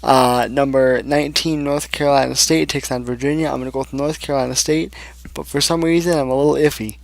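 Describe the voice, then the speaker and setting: Gravelly young man reading sports picks. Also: medium pitch, steady tone, a little fast, dry recording. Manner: rambling, many fillers, reads scores and picks. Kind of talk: casual solo sports commentary.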